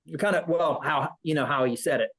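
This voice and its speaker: A man's voice: a little high, a little fast, fairly bright tone, rough recording. A man, a veteran, telling a rambling story in an interview, acting out the voices of people he quotes. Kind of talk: casual storytelling.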